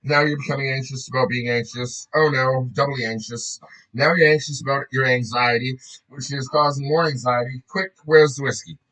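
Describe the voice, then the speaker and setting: A man's voice: medium pitch, fairly even intonation, normal speed, fairly bright tone, rough recording. A man reading a book aloud in a casual way, often breaking off to joke, swear and laugh.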